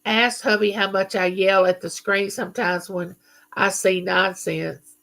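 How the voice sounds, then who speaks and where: A woman's voice: medium pitch, fairly even intonation, measured pace, creaky, fairly bright tone. A middle-aged woman hosting a live chat, greeting viewers and reading their comments aloud. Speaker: livestream host.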